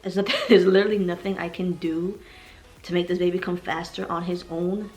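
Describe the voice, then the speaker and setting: A woman's voice: fairly low pitch, fairly even intonation, a little fast, a little mellow, soft background music. A heavily pregnant young woman vlogging to her viewers, talking in an emotional, rambling way and growing tearful at times. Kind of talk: personal vlog confession.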